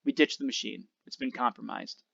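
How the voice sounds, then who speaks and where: A man reading aloud plays a stern older male leader. He speaks in a low, curt, commanding way, on a slightly dull recording. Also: fairly quick, vocal fry, sharp tone, slightly rough, full character voice.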